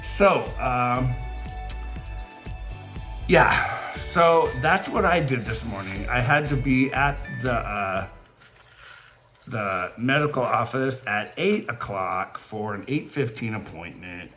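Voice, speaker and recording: A man's voice: mid-range voice, expressive, takes it slowly, soft background music. A man hosting a beading channel, chatting casually from home in a rambling way with lots of fillers, his voice quivering with emotion. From California. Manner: rambling, warm-hearted, many fillers. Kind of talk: casual chatty vlog intro. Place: home, near a fountain and wind chimes.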